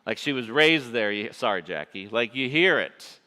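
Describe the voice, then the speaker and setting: A middle-aged man with a nasal Michigan accent preaching a sermon, swinging between forceful emphasis and hushed asides. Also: medium pitch, animated, moderate pace. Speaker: pastor. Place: church sanctuary. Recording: echoey church sanctuary.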